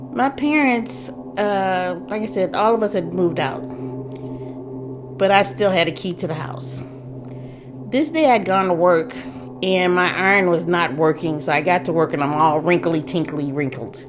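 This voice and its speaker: A middle-aged woman from St. Louis casually tells a personal ghost story, restarting at times and pointing out places with gestures as she describes them. Her voice is fairly low, with background noise and music underneath.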